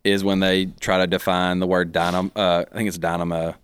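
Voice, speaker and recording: A man's voice: deep voice, flat delivery, a little fast, clean tone. A man co-hosting a church podcast who talks in an earnest way and explains word meanings. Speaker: podcast co-host. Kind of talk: casual church podcast chat.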